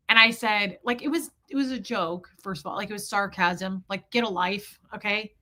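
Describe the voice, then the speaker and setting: Speaking at a normal pace in a mid-range voice, a woman chats casually on her live stream. She spins animated stories, reads viewers' comments aloud and swears without holding back.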